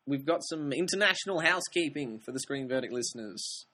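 A man's voice: mid-range voice, expressive, brisk, pushed and bright. A man co-hosting a film podcast, chatting casually with dry teasing humor. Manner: dry teasing, laughs often. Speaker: podcast co-host. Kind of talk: casual chat.

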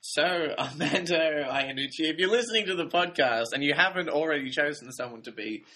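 Easygoing young guy on a tv podcast, bright tone, laughs a lot. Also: a little high, lively intonation, brisk. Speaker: podcast co-host. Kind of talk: casual TV review chat.

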